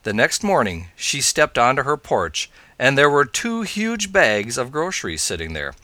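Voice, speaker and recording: A man hosting a scouting show, calmly talking through advice and telling a joke story. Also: mid-range voice, normal speed, no echo. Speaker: scoutmaster, podcast host.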